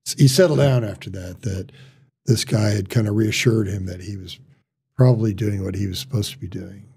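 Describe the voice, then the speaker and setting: Middle-aged guy, gravelly husky voice, stop-start storytelling, lots of "he goes". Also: on the low side, dark tone. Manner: halting, many restarts and quoted dialogue. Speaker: surgeon guest. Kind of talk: casual storytelling chat.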